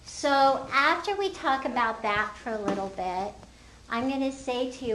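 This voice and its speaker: A woman's voice: high voice, expressive, measured pace, fairly bright tone, a little hiss or hum. An older woman teacher explaining a phonics lesson in an upbeat, teacherly way, talking to fellow teachers. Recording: roomy echo.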